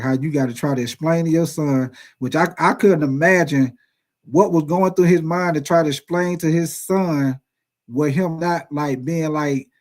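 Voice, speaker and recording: A man's voice: fairly high pitch, darkish tone. A man hosting casual sports talk, emphatic and full of profanity.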